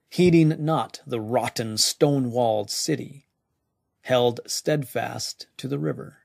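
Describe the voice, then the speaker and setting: A man narrating a weird tale slowly and deliberately, his voice dropping now and then to a hushed near-whisper. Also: mid-range voice, no echo, clean studio sound. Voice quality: gravelly. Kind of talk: slow scripted story narration.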